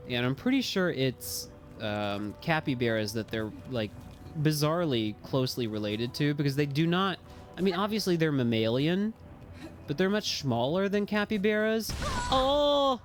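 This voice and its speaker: A young man streaming a game live, chatting casually, rambling between topics and yelling and swearing at the enemies. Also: on the high side, big pitch swings, moderate pace. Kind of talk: casual live gameplay commentary. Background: game music.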